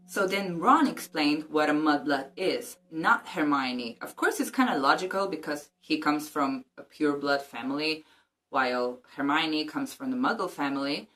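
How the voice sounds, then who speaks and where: A woman vlogger with a low voice chats casually about a book and reads passages aloud. She drops in joking, cheeky asides, with faint music behind her. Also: animated, moderate pace, a bit bright.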